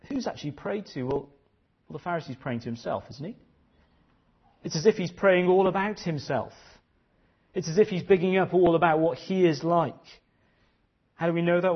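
A man's voice: a little high, husky, highs cut off. A man preaching a sermon, earnest and questioning, often repeating his phrases.

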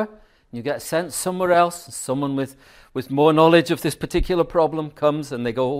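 A man's voice: mid-range voice, a little fast. A middle-aged man preaching a sermon in a chatty storytelling way, asking the congregation questions.

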